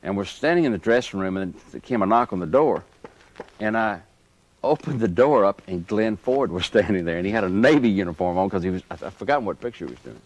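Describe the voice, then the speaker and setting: Low-voiced man telling old stories. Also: fast talker. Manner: animated anecdote teller, chuckles through stories. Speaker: interview guest. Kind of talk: storytelling reminiscence.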